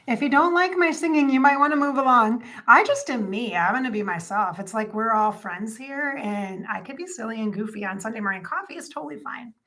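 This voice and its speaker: Host, woman, late forties, chatty and bubbly, sings bits between talk, slightly high voice. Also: expressive, moderate pace, a bit bright. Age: 40s. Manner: chatty and bubbly, breaks into singing. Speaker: psychic livestream host. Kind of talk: casual livestream chat.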